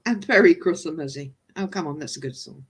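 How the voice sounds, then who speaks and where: Woman co-host, lively and chatty, swooping intonation, keeps slipping into accent impressions. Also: deep voice, brisk, breathy edge. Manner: chatty, laughs often, mimics regional accents. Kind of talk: casual chat on a live stream.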